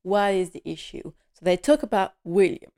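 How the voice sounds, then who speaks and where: A woman chats through a casual episode recap, laughing often and leaning on fillers as she talks. Her pitch sits in a middle range. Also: lively intonation, moderate pace, warm tone.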